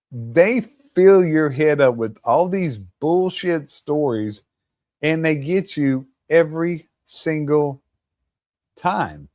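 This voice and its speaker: Slow, scornful male commentary host. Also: a little high, animated, darkish tone, no room sound, clean studio sound. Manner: profane, scornful, mocking laughs. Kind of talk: ranting political commentary.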